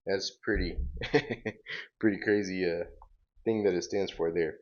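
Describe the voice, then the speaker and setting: A man casually recapping a comic book story in a relaxed, rambling way. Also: low voice, unhurried, pauses often, dull audio. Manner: relaxed, rambling with fillers and laughs. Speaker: comic book reader, host.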